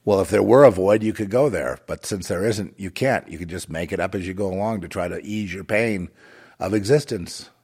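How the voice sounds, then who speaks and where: A man's voice: deep voice, brisk, a little mellow, husky. A man delivering a rambling, moralizing monologue with a sardonic, digressive way of talking.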